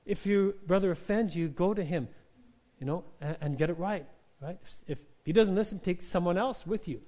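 A male pastor preaching an animated sermon. He calls out to the congregation for an "Amen" and acts out quotes as he goes. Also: high voice, normal speed.

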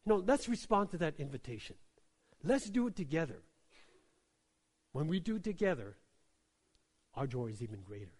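A male pastor preaching a sermon, drawing the congregation in with repeated "Amen?" and "right?" and swinging between soft low asides and emphatic exclamations. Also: big pitch swings, normal speed, long pauses, big-room sound.

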